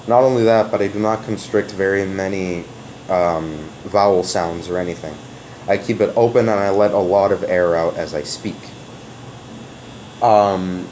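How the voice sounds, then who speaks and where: Low-voiced man rambling through an explanation. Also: a little mellow, a little hiss or hum, poor audio. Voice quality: open, sonorous voice. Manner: rambling and hesitant, with many fillers and restarts. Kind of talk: casual spoken explanation to a viewer. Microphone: off-camera voice recording.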